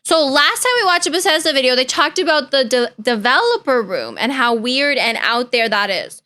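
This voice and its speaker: A woman's voice: high-pitched, very animated, normal speed, sharp tone. A young woman streamer chatting casually and playfully with her viewers, caring and chatty. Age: young adult. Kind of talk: casual reaction-stream chat.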